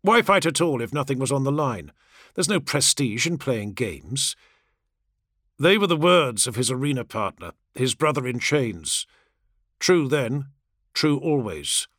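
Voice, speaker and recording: A man reading a grim war audiobook in dramatic, expressive scripted narration. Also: mid-range voice, unhurried, no echo, studio quality.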